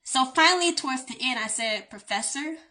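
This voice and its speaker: A woman's voice: mid-range voice, unhurried. A woman with a Southern accent and a slight lisp, a lawyer telling stories in a chatty storytime vlog. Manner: chatty, animated storytelling with light laughs.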